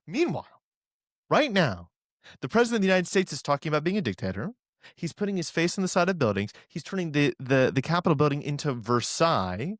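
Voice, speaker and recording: A man's voice: on the high side, very animated, fast talker, no room sound, clean studio sound. A man co-hosting a political commentary show, talking in a sarcastic, indignant way.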